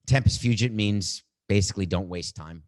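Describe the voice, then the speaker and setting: A man's voice: on the low side, normal speed. A middle-aged man hosting a podcast, musing aloud in a reflective monologue. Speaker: podcast host.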